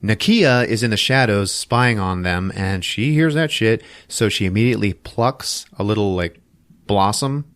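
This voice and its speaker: Low-voiced guy swearing his way through a movie recap, dry podcast mic. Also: dry recording. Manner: profane, animated storytelling. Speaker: podcast host. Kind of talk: casual film recap.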